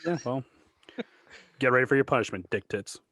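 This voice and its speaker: A man with a bright, forceful voice chats eagerly on a casual sports podcast, teasing and tossing out crude jokes. The sound is dry and close to the mic. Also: medium pitch, expressive, normal speed, no echo. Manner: chatty, teasing, profane.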